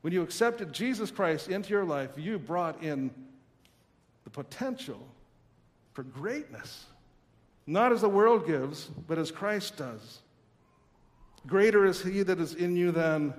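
A man in his thirties preaching a sermon as pastor, earnest and emphatic with pauses, in a large church. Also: high-pitched, in a large hall.

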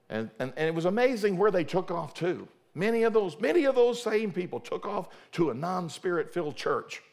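Brief: middle-aged male pastor, fervent sermon delivery, somewhat high gravelly voice, stumbles and repeats. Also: expressive, brisk, few pauses. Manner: fervent, repeats and restarts words.

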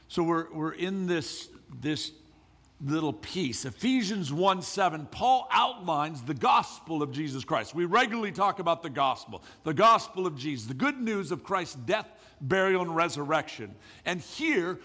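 A man's voice: on the high side, expressive, moderate pace, bright, forceful tone. A man preaching a sermon as pastor, emphatic, often repeating words as he builds a point. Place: church hall. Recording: echoey hall.

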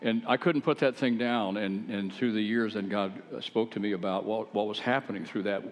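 A man's voice: on the low side, moderate pace. Folksy man preaching in an echoing hall. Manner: animated, folksy and conversational, with self-deprecating humor. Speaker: preacher sharing his testimony. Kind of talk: folksy storytelling sermon. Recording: long hall reverb.

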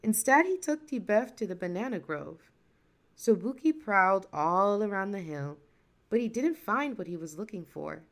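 A woman narrating a folktale in a lively, expressive storytelling voice. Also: mid-range voice, normal speed.

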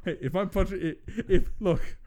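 Stubborn male podcast co-host, halting delivery, slightly high-pitched. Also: a little mellow. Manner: halting, restarts, argumentative. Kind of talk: casual chat.

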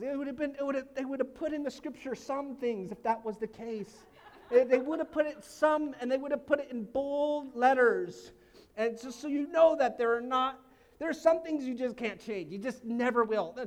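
A middle-aged male pastor preaching a lively, casual sermon with sudden shouted exclamations. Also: very high voice, moderate pace. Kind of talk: energetic sermon.

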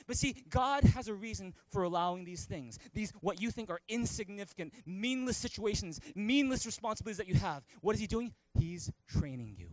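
A man's voice: sits high, animated, fast, hardly any pauses, dry recording, low-quality recording. A male pastor preaching a storytelling sermon in church, with many stammered restarts.

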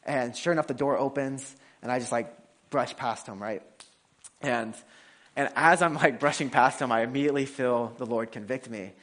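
A man's voice: medium pitch, moderate pace, a bit bright. A man preaching a conversational sermon in a casual way, with frequent restarts and fillers while telling a personal story.

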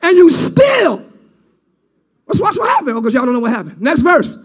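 A male preacher giving an animated sermon in casual slang, often breaking into shouts. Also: extremely high pitch, normal speed.

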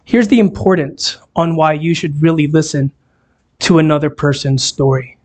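In a church hall, with the service also streamed on a video call, a man preaches a sermon conversationally and asks the congregation questions. His voice is fairly high and a little mellow, at a moderate pace.

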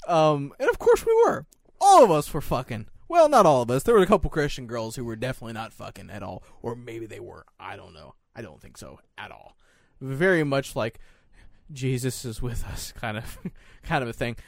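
A young man in casual chat as a podcast co-host, telling crude, animated stories full of swearing. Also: mid-range voice, brisk, gravelly, no room sound, studio quality.

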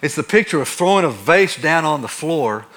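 A male pastor delivers a sermon full of personal stories, acting out scenes and swinging from soft to loud. His voice sits a bit high and sounds bright and forward. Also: normal speed. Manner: animated, acts out stories with shifting loudness.

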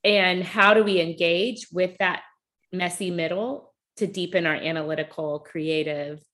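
A woman's voice: lowish voice, unhurried. A woman from the United States speaking animatedly and thoughtfully in a reflective conversation. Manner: animated, thoughtful, acts out quoted voices.

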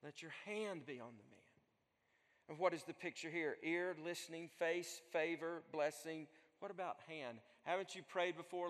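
A male pastor preaching a sermon, swinging from loud pleading to soft, hushed storytelling. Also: on the high side, normal speed. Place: church sanctuary. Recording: long hall reverb.

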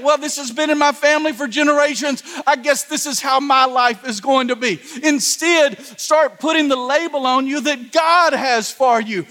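A middle-aged pastor with a very high, sharp voice preaches emphatically at a moderate pace with few pauses. He repeats phrases and calls on the congregation to respond. The large church hall gives a long reverb.

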